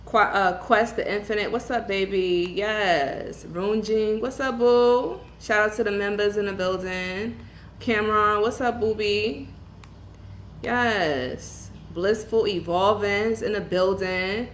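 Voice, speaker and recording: A woman from Brooklyn, hosting a tarot livestream in casual chat and greeting viewers with slangy shout-outs. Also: medium pitch, steady tone, slow pace, a little hiss or hum. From Brooklyn, New York. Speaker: tarot reader livestream host. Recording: echoey room with faint ambience.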